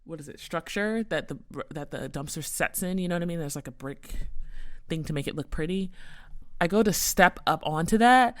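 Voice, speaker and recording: A woman's voice: lowish voice, animated, moderate pace, no room sound, clean studio sound. A young woman hosting a podcast, telling a story in a casual, rambling way full of "like" fillers. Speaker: podcast host.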